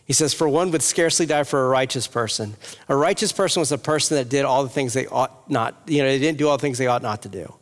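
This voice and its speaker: A man's voice: mid-range voice, fast talker. A man preaching an earnest sermon as a pastor, rising at times to impassioned appeals. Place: church hall with audience. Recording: long hall reverb.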